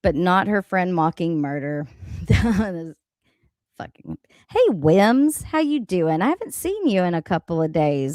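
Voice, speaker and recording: A woman's voice: fairly low pitch, lively intonation, measured pace, a little mellow, dry recording. A woman hosting a casual livestream, ranting bluntly with lots of swearing and laughter, reading out chat comments. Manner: profane, blunt, laughing often. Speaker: livestream host. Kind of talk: casual live-stream rant.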